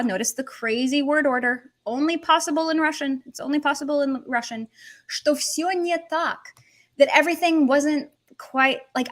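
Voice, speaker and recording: A woman teaching a language lesson on a livestream, animated, switching between languages as she explains. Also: fairly high pitch. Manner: animated, switches between English, Russian and Portuguese.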